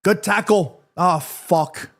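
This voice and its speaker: A young man hosting a live football watchalong, reacting excitedly to the match, pleading with the referee and swearing freely. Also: high-pitched, slow, creaky.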